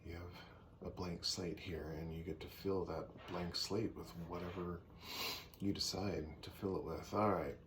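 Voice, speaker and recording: A low-voiced man explains songwriting in a slow, relaxed way, thinking aloud as he goes. He clears his throat now and then. A faint hiss sits under the recording. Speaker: songwriting teacher. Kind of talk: casual teaching with sung demonstrations. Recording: faint background noise.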